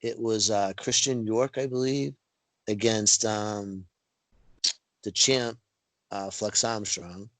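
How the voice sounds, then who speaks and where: Animated storytelling man on a video call. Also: slow, long pauses, dry recording, rough recording. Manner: animated storyteller, acts out quotes with big pitch jumps. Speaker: wrestling referee guest. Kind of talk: casual storytelling interview.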